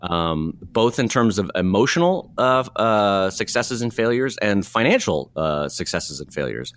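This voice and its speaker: A man co-hosting a podcast, chatting and introducing his guest in a lively way. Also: lowish voice, measured pace, dry recording. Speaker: podcast co-host. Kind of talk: casual podcast chat.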